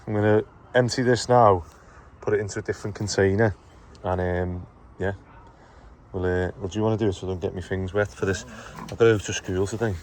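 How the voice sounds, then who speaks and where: A man's voice: low voice, a little mellow, a little hiss or hum. A man, a building boss filming a casual vlog, joking with his workers. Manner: jokey, laughs often, banters with workers. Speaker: vlogger and building firm boss. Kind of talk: casual chat on a work site.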